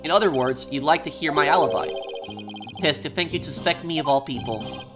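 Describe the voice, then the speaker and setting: A man's voice: fairly high pitch, brisk, music in the background, lightly acted. A man voicing a vain, theatrical man obsessed with beauty, who talks down to people. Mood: haughty. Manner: haughty and dismissive.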